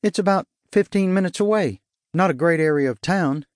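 A man's voice: sits high, moderate pace, no echo, pitched above the performer's own voice, natural voice. A fussy, fretful woman scolds and worries in a lifted, lighter voice, as a male audiobook narrator puts her on. The recording is close and dry, with no room sound at all. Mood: shaken. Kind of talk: audiobook character voice. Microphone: studio mic.

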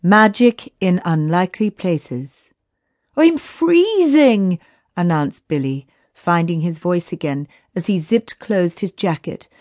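Woman, children's audiobook narrator, slow steady delivery, dry close sound. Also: low voice, no echo.

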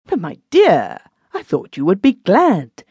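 A woman's voice: mid-range voice, huge pitch swings, measured pace, warm tone, slightly rough, dry recording, pitched above the performer's own voice, heavily acted. A woman narrator voicing a timid clerk husband who coaxes his wife and stammers when flustered. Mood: coaxing. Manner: coaxing, stammering.

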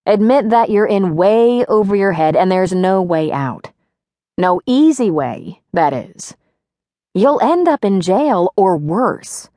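A woman's voice: mid-range voice, big pitch swings, slow pace, mellow, dry recording, studio quality. A woman voicing a snarky inner voice that sounds like a scolding mother, scoffing and taunting.

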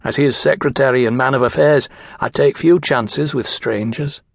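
A man voicing a smooth, cold gentleman from Manchester with a Mancunian accent, slow and superior in manner. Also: mid-range voice, fairly even intonation, no echo.

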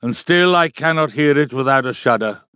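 A man's voice: medium pitch, lively intonation, moderate pace, sharp tone, clean tone, no room sound. Brief: man playing a wry, weary Elizabethan playwright; storybook reading, close and dry.

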